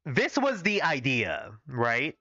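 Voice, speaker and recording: A man on a live stream reading his old fan fiction aloud, pausing to criticize his own writing and swearing casually. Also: mid-range voice, wildly swooping pitch, creaky, pushed and bright, no room sound, muffled recording. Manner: self-critical, swears casually, reads every part himself.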